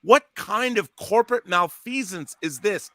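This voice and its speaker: A man's voice: sits high, animated, a little slow, bright, forceful tone, no room sound. Ranting, indignant man, dry close sound. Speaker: co-host. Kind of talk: live watch party chat.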